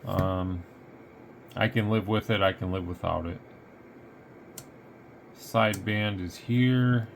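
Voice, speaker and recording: Man, deep gravelly voice, flat delivery, tired, rambling radio demo. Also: slow pace, long pauses, a little hiss or hum. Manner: rambling, easygoing. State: tired, yawning. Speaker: radio seller demonstrating gear. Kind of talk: casual product demo.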